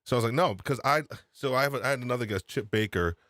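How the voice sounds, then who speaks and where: A man hosting a live podcast chat, excitable and laughing, often repeating himself, speaking into a desk microphone. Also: mid-range voice, very fast, no room sound, studio quality. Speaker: podcast host. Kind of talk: casual live-stream chat. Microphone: USB desk microphone.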